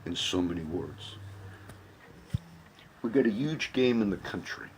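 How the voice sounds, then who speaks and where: A man's voice: fairly low pitch, normal speed, a little hiss or hum. A man giving casual political commentary in a self-recorded video, rambling and repeating phrases for emphasis.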